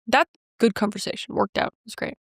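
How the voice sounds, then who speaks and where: A woman's voice: fairly high pitch, lively intonation, normal speed, gravelly, fairly bright tone, dry recording, clean studio sound. A woman co-hosting a podcast, telling a rambling, self-mocking story in casual chat and quoting herself and others. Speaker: podcast co-host.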